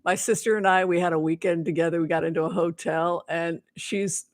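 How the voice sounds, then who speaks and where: A woman's voice: lowish voice, fairly even intonation, brisk. A woman giving live tarot readings to her viewers, chatty and bubbly, with playful asides. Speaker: tarot reader.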